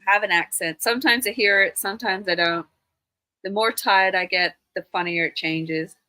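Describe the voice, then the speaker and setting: A woman's voice: mid-range voice, normal speed, pushed and bright, no room sound, poor audio. A woman from Australia hosting a casual live stream, chatty and full of rambling anecdotes. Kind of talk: casual chat.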